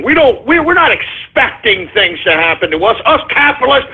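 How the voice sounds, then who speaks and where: A male talk radio host rants combatively, repeating his points with heavy emphasis. His high voice has a husky, raspy edge. The audio is narrow and tinny, like a phone line. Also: big pitch swings, a little fast, hardly any pauses. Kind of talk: ranting talk radio monologue.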